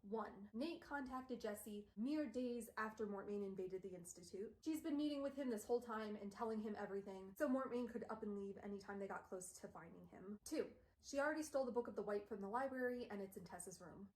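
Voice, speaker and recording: A woman's voice: medium pitch, a little fast, darkish tone. Young woman streamer, chatty recap, roomy echo. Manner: chatty, filler-heavy. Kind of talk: casual book recap on a live stream. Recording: echoey room.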